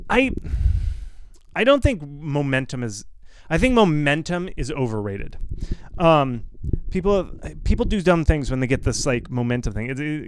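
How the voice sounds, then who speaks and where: Guy doing a live q&a, smooth clear voice, dry close mic, blunt and keeps telling you to relax. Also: fairly high pitch, no room sound. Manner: blunt, reassuring, repeats himself, quick asides. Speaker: host answering viewer questions. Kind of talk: casual live Q&A.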